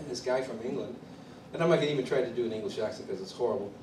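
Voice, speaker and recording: A man's voice: medium pitch, quick pace. Man telling stories in an echoey room. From Chicago. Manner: animated storyteller who acts out others' quotes. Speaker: drummer telling his story at a clinic. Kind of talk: storytelling interview. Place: drum clinic in a studio room. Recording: distant mic in an echoey room with background noise.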